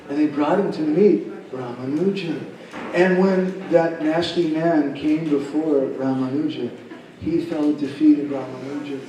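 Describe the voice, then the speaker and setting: A man's voice: fairly high pitch, steady tone, unhurried, mellow. A man at a devotional camp telling a story and acting out its characters. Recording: echoey hall, speaker far from mic.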